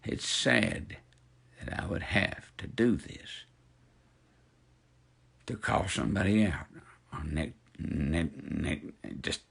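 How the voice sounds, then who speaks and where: Man, 50s, preachy angry rant to camera, husky and raspy. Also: low-pitched, takes it slowly, a bit bright. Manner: indignant, preachy, addresses followers directly. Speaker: social media personality.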